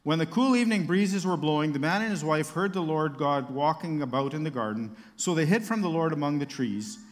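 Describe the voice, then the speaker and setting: A man's voice: on the high side, expressive, a little fast, long reverb tail. A man preaching a sermon, reading Bible verses aloud and explaining them with casual asides and light humor.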